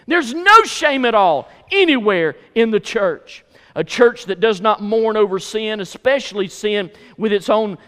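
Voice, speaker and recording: A man's voice: sits high, fairly bright tone, smooth. A middle-aged man preaching a sermon as pastor, emphatic and repeating phrases for stress in a church. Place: church sanctuary. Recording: hall reverb.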